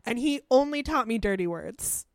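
Lively, high-voiced young woman, dry sound. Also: normal speed, dry recording. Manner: animated, chatty, laughs while talking. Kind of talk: casual chat.

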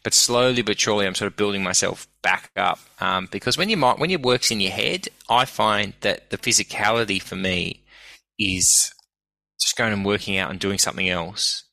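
Bright, sharp-edged Australian man. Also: fairly low pitch, normal speed, vocal fry, poor audio. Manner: animated, ranting, swears freely. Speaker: guest, comedian and broadcaster. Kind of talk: casual interview chat.

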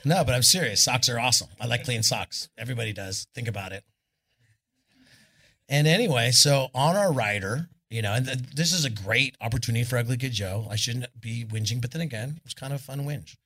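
Husky, forceful man telling stories. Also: mid-range voice, expressive, fairly quick. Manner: loose, profane anecdotes with lots of "I'm all". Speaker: guest musician. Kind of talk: live storytelling on stage. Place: arts club stage, indoors.

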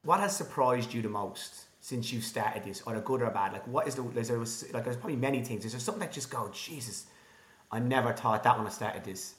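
Irish man, podcast host, mid-pitched, casual, joking, hesitant questions. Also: a little fast, few pauses, fairly bright tone, echoey room. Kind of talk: interview conversation.

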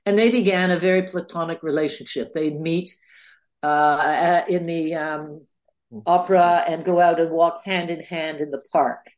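An older woman speaks as a guest historian in a podcast interview, her voice sitting on the low side. She talks in halting stretches, filling pauses with ums and uhs and restarting her sentences as she recalls events. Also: steady tone. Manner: halting, many fillers and restarts.

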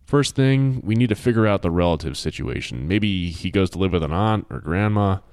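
A male narrator voicing a caring, anxious young woman teacher who asks gentle, earnest questions. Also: low-pitched, expressive, moderate pace, smooth, dry recording, studio quality. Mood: concerned.

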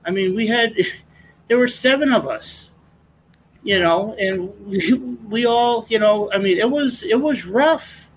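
A man's voice: high-pitched, slow pace, slight background noise, rough recording. A middle-aged man, a guest sharing his testimony in an earnest, impassioned, rambling way. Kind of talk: casual conversation.

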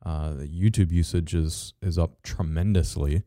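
A man with a low, mellow voice talks through marketing tips as co-host, stumbling over restarts and fillers as he goes. His delivery is casual, with the odd dry sarcastic aside. The sound is close and dry. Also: no echo. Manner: halting, many fillers and restarts. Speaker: podcast co-host. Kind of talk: casual business chat.

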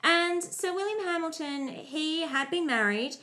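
Lively, high-voiced woman telling history. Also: measured pace. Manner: animated storyteller, playful asides. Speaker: podcast host. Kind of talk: casual history storytelling chat.

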